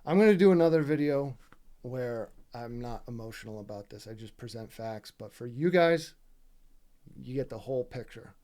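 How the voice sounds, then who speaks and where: A man breaking down game clips in a loose, irritated commentary voice. His tone is dark and mellow at an ordinary middle pitch. He swears freely and keeps checking in with the viewer. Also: animated, normal speed. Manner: exasperated, profane, keeps asking "right?". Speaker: gaming video creator. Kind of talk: casual commentary over gameplay footage.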